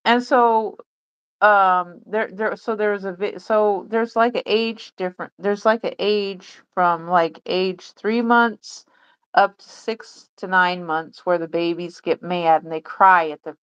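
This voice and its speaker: A woman's voice: mid-range voice, steady tone, slow, clean tone, lo-fi sound. A woman chatting on a livestream in a rambling way, full of fillers and restarts. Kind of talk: casual livestream chat.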